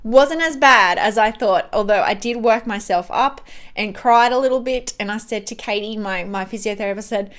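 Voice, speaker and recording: A woman's voice: mid-range voice, normal speed, fairly bright tone. A young woman chatting at home while doing her makeup, rambling with fillers and restarts as she gives a life update. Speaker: beauty vlogger. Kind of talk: chatty get-ready-with-me update.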